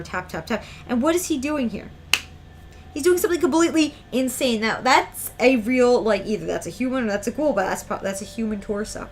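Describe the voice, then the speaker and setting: A woman giving an excitable, emphatic, slangy casual breakdown of a manga chapter as a reviewer. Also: on the high side.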